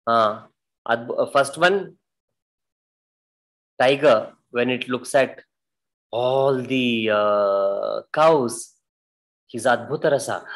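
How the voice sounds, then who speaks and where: Man, dance teacher, video call, slow patient delivery. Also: medium pitch, fairly bright tone, low-quality recording. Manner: patient, explains and acts out scenes. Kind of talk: online workshop teaching.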